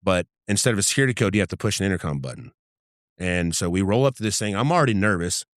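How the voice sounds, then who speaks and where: A middle-aged man with a lowish voice recounts his undercover days in a loose, conversational way. He swears freely and slips into the voices of the people in his stories. The recording is close and dry, with almost no room sound. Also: animated, fast talker, dry recording. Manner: vivid, profane anecdote-telling that acts out dialogue. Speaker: podcast guest, former undercover agent. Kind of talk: casual storytelling interview.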